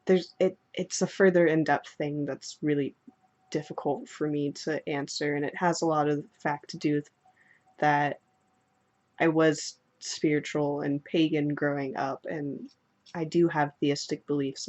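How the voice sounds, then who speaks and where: Young woman chatting to camera, playful and sweary, kinda muffled lo-fi sound. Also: sits low. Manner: playful, swearing, animated storytelling. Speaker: vlogger answering follower questions. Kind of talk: casual chat to camera. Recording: dull lo-fi sound.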